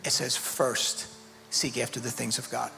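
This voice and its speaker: A man hosting a church leadership panel, relaxed and joking, then turning earnest as he exhorts. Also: medium pitch, unhurried, creaky, soft background music. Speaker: pastor and panel host. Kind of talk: conversational panel talk. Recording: faintly noisy hall reverb.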